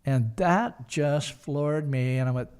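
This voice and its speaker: A man's voice: fairly high pitch, takes it slowly, a little mellow, clean tone. An older man, a podcast guest, telling a long story in a rambling way with lots of hesitations. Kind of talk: casual storytelling.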